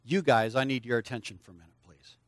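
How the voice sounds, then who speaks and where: Speaking quickly in a mid-range voice, an older man delivers a sermon to children in church, drawing them in to respond aloud. His manner is lively and coaxing as he leads the children's lesson, talking right to the kids. The sound is clean, studio-quality and echo-free.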